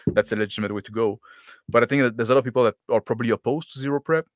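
A man's voice: mid-range voice, rapid-fire, dry recording, clean studio sound. A man on a gaming panel in casual chat, explaining at length and ending his points with "right?". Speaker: panelist game master.

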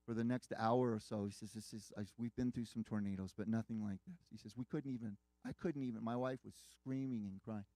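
A man's voice: lowish voice, fairly quick, hardly any pauses, warm tone, dry recording. A man preaching a sermon, earnestly retelling a dramatic story with quoted dialogue.

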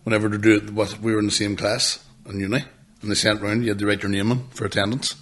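A man's voice: on the low side, little pitch movement, quick pace, fairly bright tone. A young man, co-hosting a podcast with sweary, laughing banter and stories. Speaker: podcast co-host. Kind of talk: casual storytelling chat.

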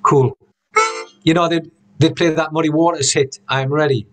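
A man's voice: on the high side, steady tone, moderate pace, soft background music. A man giving a casual harmonica lesson over a video call, rambling with frequent restarts and "you know"s. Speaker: harmonica teacher. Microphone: video call computer mic.

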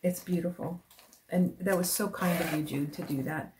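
A woman vlogger chatting casually as she unboxes gifts on camera, gushing and often dropping into breathy whispers of delight, rambling with restarts. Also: sits low, normal speed, darkish tone, a little hiss or hum. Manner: rambling with many restarts and fillers. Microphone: camera mic.

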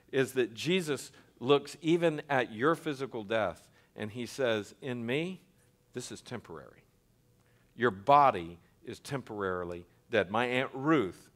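A man's voice: medium pitch, a bit bright. Earnest man teaching a sermon. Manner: earnest, emphatic, with frequent restarts and slowed stresses. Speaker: pastor teaching a Bible class. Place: church.

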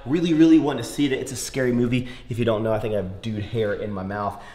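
Young male vlogger, mid-pitch, loose and rambling, casual. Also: steady tone, fast talker, mellow, reverberant. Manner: rambling, chatty, lots of fillers. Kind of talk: casual vlog talk with sponsor read.

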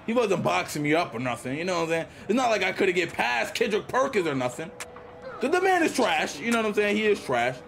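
A man's voice: high-pitched, sing-song, fast, gravelly, a bit bright. Hyped young man trash-talking over gameplay. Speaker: gaming YouTuber. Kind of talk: casual gameplay commentary.

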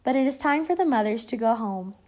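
A woman voicing a kind, patient preschool teacher who speaks in a gentle, coaxing but firm way. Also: a little high, expressive, fairly quick, natural voice.

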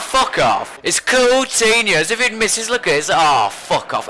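A young man giving excitable, crude, sweary commentary over gameplay as host of his gaming channel. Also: high voice, measured pace, hardly any pauses, rough recording.

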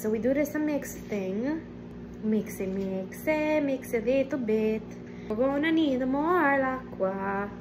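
Playful woman doing a hammy Italian-American grandpa accent, pitched high, kitchen clatter behind. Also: noisy background, close to an everyday voice. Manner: loud, playful, sprinkles in Italian words. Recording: kitchen clatter of dishes and utensils.

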